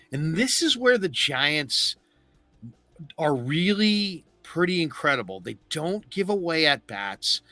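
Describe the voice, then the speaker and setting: A man's voice: a little high, no echo. A middle-aged man hosting a casual postgame baseball recap, telling the game like a story and acting out quotes. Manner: animated storyteller, acts out quotes. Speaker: sports talk host.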